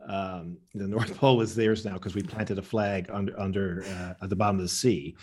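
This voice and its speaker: A man's voice: deep voice, fairly even intonation, moderate pace, darkish tone, slightly rough. Rambling man telling stories. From Canada. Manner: rambling storyteller, acts out quoted people. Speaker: interview guest, comedian. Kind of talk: anecdotal interview answers.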